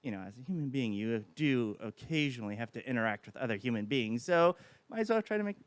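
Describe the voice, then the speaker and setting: Smooth-voiced man telling stories. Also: medium pitch, fast talker, no room sound. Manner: animated storytelling with acted quotes. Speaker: podcast guest. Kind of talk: casual chat.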